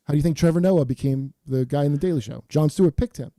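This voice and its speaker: A man's voice: on the high side, fast talker, mellow, dry recording, studio quality. A man hosting a comedy podcast, ranting in a profane, emphatic way. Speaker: podcast host. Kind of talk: casual comedy podcast banter.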